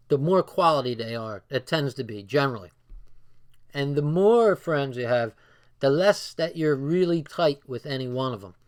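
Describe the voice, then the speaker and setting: Man, slightly higher voice, casual read-aloud, loose swearing asides. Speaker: book reader and commentator.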